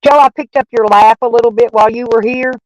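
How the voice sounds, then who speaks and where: A Texan woman chats casually on a live stream, rambling, swearing freely, and thanking viewers in a folksy, profane way. Her voice is fairly high with fairly even intonation and a fast pace. The recording is dry and lo-fi.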